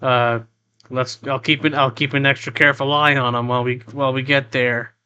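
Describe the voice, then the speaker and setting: A man voicing a cautious, watchful party companion in a tabletop game, speaking low and hesitantly. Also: little pitch movement, fairly quick, sharp tone, clear, resonant tone, muffled recording, lightly acted. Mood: wary.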